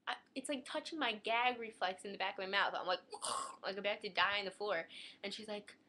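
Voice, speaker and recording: A teenage girl vlogging a sarcastic rant about a dentist visit, dropping into flat deadpan asides and muttered retorts. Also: mid-range voice, brisk. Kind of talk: casual storytelling rant.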